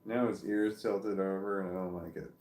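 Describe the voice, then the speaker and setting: A man's voice: deep voice, fairly even intonation, moderate pace, darkish tone, echoey room. A man on a home livestream talking casually and meandering to viewers, often stopping mid-sentence to restart. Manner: meandering, self-interrupting, talking to viewers about his dog. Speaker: vlogger. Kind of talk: rambling casual livestream chat. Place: at home, seated with dog on his legs. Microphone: phone or camera on a stand.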